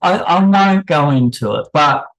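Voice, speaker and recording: A man hosting his own channel, speaking in unscripted commentary with halting, pausing delivery and wry, apologetic asides. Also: fairly high pitch, lively intonation, fairly bright tone, low-quality recording. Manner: halting, pausing, with many restarts. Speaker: channel host.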